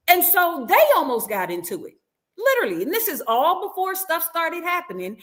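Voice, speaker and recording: A woman's voice: on the high side, big pitch swings, moderate pace, fairly bright tone. A woman guest in a casual interview, telling a story with animation and acting out what others said. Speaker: reality show cast member guest. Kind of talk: casual interview, recounting events.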